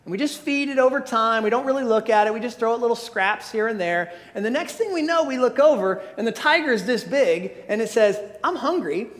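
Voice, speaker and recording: A man's voice: very high voice, lively intonation, a little fast, hardly any pauses. A pastor preaching a sermon, earnest and emphatic, often restarting his phrases. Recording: long hall reverb.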